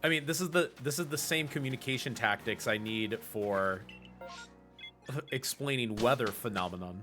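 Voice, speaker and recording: A man's voice: mid-range voice, normal speed, sharp tone, soft background music. A man from the Pacific Northwest explaining game routing at length during a live speedrun stream, with fillers and self-corrections. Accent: American, Pacific Northwest. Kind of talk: casual live-stream commentary while gaming.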